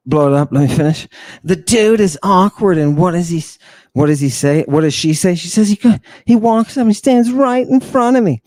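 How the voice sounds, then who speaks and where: A man's voice: high voice, expressive, normal speed, a little mellow, dry recording. A man hosting a talk show, lecturing on ancient texts in a theatrical, mocking way, full of rhetorical questions and asides. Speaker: podcast host.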